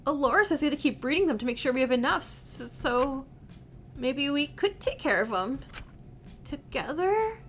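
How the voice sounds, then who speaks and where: An earnest teen boy with a crush, from a visual novel, read aloud by a woman. He stammers bashfully. The voice is high and swings up and down in pitch. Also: lively intonation, normal speed, slight background noise.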